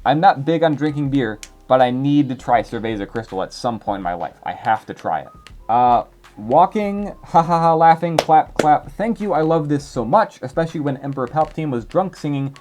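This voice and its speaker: Young male YouTuber, chatty and rambling, animated pitch, faint music under him. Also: normal speed. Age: 20s. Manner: rambling, filler-heavy, chatty. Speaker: YouTuber reading viewer comments. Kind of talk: casual commentary.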